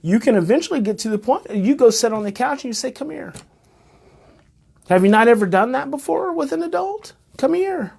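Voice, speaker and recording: Husky man giving an emphatic live talk. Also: very high-pitched, animated, fast talker, few pauses, darkish tone. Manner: emphatic, repeats key phrases, asks rhetorical questions. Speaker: parenting educator. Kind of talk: live-streamed talk to viewers.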